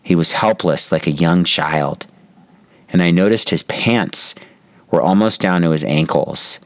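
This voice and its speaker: A man calmly telling a reflective story as a meditation teacher, slowing down for emphasis. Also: low voice, dry recording. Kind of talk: reflective spoken talk.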